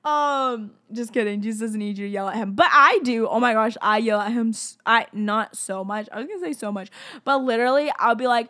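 Give me a young woman with a slightly high voice, rambling cheerfully through a casual devotional chat. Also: normal speed, fairly bright tone. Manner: rambling, giggly, lots of fillers. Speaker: faith podcaster.

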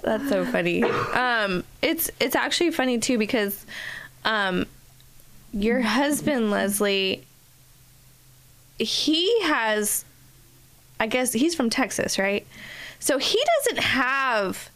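A woman's voice: fairly high pitch, animated, a bit bright. A woman from California co-hosting a podcast in casual chat, curious and asking her guests questions. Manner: slow, curious, asks questions. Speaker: podcast co-host.

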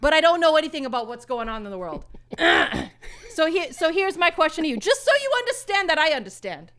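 A woman's voice: high-pitched, big pitch swings, fairly quick, fairly bright tone. A woman doing a comic impression of a brash male poker-show host who rambles in circles, curses, coughs and plugs himself. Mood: rambling. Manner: repetitive, circling, never getting to the point; crude, self-promoting, coughing and clearing throat.

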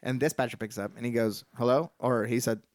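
A man's voice: mid-range voice, fairly quick, dry recording. A man, a podcast co-host from Texas, telling a story in casual chat among friends and acting out a phone call with lots of swearing. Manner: animated retelling, acting out both sides of a phone call, swearing freely.

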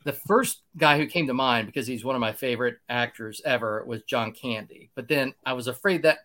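A man's voice: mid-range voice, a little fast, bright, forceful tone. A man co-hosting a podcast in casual chat, joking and laughing often. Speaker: podcast co-host.

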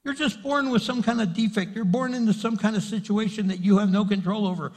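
A man's voice: high-pitched, fairly quick, a little mellow. A man preaching a sermon as pastor, building emphasis and acting out quotes. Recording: reverberant hall.

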